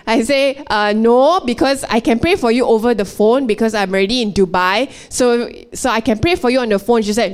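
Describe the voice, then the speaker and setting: Woman giving a church testimony, slightly high and smooth, hesitant storyteller. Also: moderate pace.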